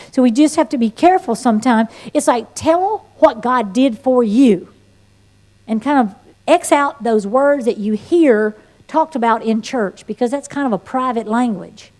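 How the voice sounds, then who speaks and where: A woman leads an evangelism class, speaking in a high, bright register. She teaches in a sermon-like way and weaves in her own testimony. Her delivery is folksy and lively, with playful asides. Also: normal speed.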